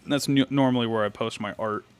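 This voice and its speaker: Steady and fairly quick, this young man's mid-range voice has a clean tone. He's a livestreamer chatting casually, saying hello to viewers and musing aloud as he posts online, with faint metal music behind him.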